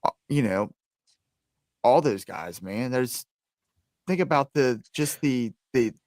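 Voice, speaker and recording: A man's voice: medium pitch, expressive, slow pace, darkish tone, no room sound. Podcast co-host, male, mid voice, rambling, dry recording. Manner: rambling, many fillers. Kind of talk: casual chat.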